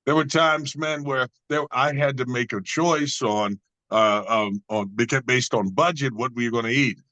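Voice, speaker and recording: A man's voice: mid-range voice, moderate pace, pushed and bright, dry recording, rough recording. A man telling a personal story in a conversation, earnest and preacher-like in his cadence. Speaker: guest.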